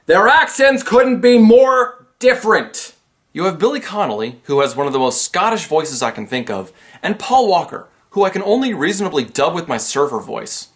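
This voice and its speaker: Lively, sarcastic man reviewing a film. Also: high voice, moderate pace, slightly rough. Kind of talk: comedic review narration.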